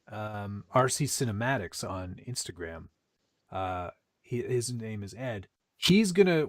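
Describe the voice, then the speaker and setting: A man co-hosting a live stream, chatting casually, teasing his co-host and reading viewer comments aloud. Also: mid-range voice. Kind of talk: casual chat.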